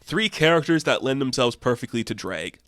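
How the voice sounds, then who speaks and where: A man giving a casual, animated recap of a comic book issue, chatty and full of fillers. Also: mid-range voice, normal speed, dry recording.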